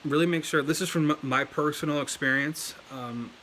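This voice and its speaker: A language learning video host gives a casual on-camera lesson, talking loosely with lots of fillers and restarts. His voice is on the high side and sharp, at a moderate pace, with slight background noise from a desk setup where he moves around in his chair.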